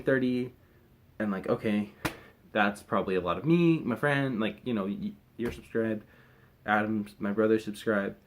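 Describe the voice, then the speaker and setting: A young man chatting casually to camera in a rambling, hesitant way, full of fillers and restarts. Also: fairly low pitch. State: recovering from wisdom teeth removal. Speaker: vlogger.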